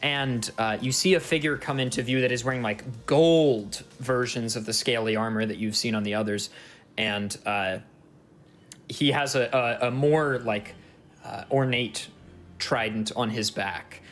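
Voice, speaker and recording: A man's voice: mid-range voice, measured pace, fairly bright tone. A man narrating as dungeon master in a tabletop game, loose and filler-heavy.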